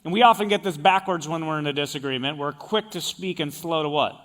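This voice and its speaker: High-voiced male pastor preaching. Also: fairly quick, a bit bright. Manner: explains word meanings with emphatic repetition. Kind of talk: sermon.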